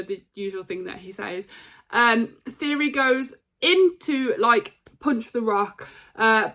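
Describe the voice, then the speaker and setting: A young woman casually recapping a wrestling show, excitable, with lots of ums and quoted lines. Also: fairly high pitch. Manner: excitable, retells scenes with quoted lines and many fillers.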